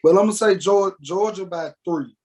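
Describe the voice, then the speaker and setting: A man co-hosting a casual sports podcast, giving his pick in a relaxed way with some hesitant fillers. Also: high-pitched, normal speed, rough recording. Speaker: podcast co-host.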